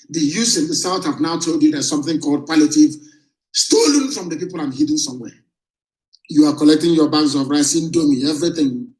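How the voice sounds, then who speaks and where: A man delivers a defiant, combative address in a slightly raised voice. The sound carries a roomy echo, as if spoken in a bare room. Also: on the high side. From southeastern Nigeria. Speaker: movement leader. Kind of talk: broadcast political address.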